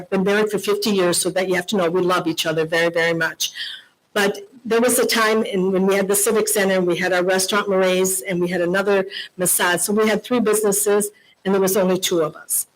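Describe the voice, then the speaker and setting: An older woman speaks to a conference crowd, telling stories from her working life with emphatic, repeated points. Her voice sits at a middle pitch. She comes from Lebanon. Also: poor audio. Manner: storytelling, emphatic, repeats key phrases. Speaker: keynote speaker. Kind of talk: motivational conference speech.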